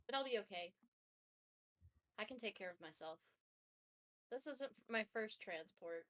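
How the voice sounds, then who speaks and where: A woman's voice: mid-range voice, expressive, measured pace, a bit bright. A woman voicing a self-assured young tiefling fighter in a tabletop game, in a matter-of-fact tone. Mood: reassuring. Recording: dull lo-fi sound.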